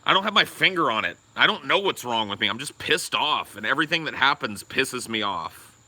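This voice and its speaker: A man co-hosting a podcast, talking in a profane, rambling casual way with loud laughs. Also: medium pitch, expressive, brisk. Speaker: podcast co-host. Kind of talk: casual chat.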